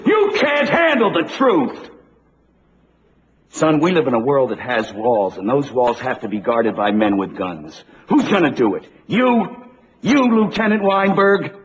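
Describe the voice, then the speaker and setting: A stern older Marine colonel in a film drama, lecturing with force and swinging his pitch widely from line to line. The clip sounds dull and lo-fi. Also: very animated, unhurried, slight background noise. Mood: defiant.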